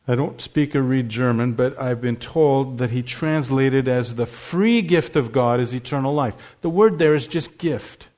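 A male pastor preaching a sermon in church, earnest, slowing down and repeating key phrases for stress. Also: medium pitch, darkish tone.

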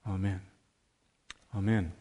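A man's voice: low-pitched, fairly even intonation, takes it slowly, warm tone, slightly rough. A pastor reads scripture aloud from the pulpit. His voice is raised and declaiming, and he stresses the phrases strongly. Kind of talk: emphatic scripture reading.

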